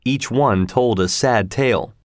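A man narrating a storybook aloud in a measured, expressive way. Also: medium pitch, no room sound, clean studio sound.

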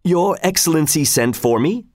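A man voicing a cheerful, overly polite old executioner in a high, chirpy voice. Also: animated, moderate pace, a little mellow, dry recording, clean studio sound. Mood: cheerfully polite.

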